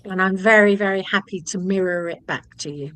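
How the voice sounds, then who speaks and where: A woman co-hosting a radio interview, speaking in an unhurried, appreciative way as she winds the show down. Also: mid-range voice, a bit bright. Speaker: radio co-host.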